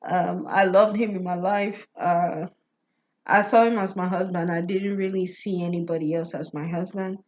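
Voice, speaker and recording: A woman's voice: on the low side, fairly even intonation, normal speed, a little mellow. A woman vlogger telling a personal story in a casual monologue. She stammers, restarts her words and keeps asking whether the listener gets what she is saying. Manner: keeps asking "you get what I'm saying?", often laughs. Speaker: astrology vlogger. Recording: slightly muffled lo-fi audio.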